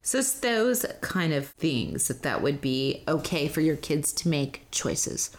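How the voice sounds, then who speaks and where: Upbeat lady doing a solo parenting podcast, kinda low voice, slows way down to stress points. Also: sing-song. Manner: upbeat, chatty, slows down for emphasis. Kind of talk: casual solo podcast talk.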